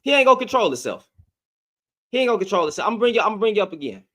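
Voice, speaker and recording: High-voiced man arguing heatedly. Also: big pitch swings, very fast, sharp tone. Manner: argumentative, repeats phrases over and over. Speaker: host. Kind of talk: heated live audio debate.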